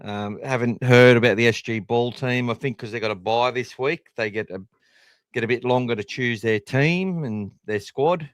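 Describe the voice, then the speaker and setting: A medium-pitched man with an Australian accent speaks at a moderate pace in a studio-quality recording with no room sound. Hosting a live sports podcast, he chats and rambles casually, poking fun at himself.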